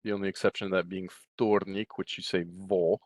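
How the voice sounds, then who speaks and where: A middle-aged man giving a recorded language lecture from a textbook, relaxed, often checking in with "right?" and restarting his sentences. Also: low voice, brisk, no room sound. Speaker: Russian language teacher.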